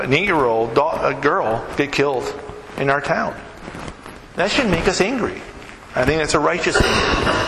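Conversational pastor preaching in an echoey hall. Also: male voice, a little high. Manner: conversational, keeps asking "right?"; tells stories with vivid, animated mimicry. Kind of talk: sermon. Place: church sanctuary. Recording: echoey hall, noisy room tone.

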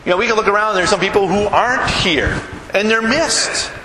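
A man's voice: sits high, expressive, brisk. A middle-aged man preaching a conversational sermon to his church, often asking the congregation "right?" as he talks. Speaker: pastor. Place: church hall. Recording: echoey hall with room noise.

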